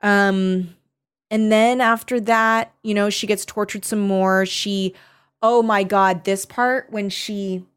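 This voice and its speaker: A woman retelling a novel's plot in casual chat, animated, swearing and quoting the characters. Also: mid-range voice, slow, clear, resonant tone. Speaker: podcast co-host discussing a novel.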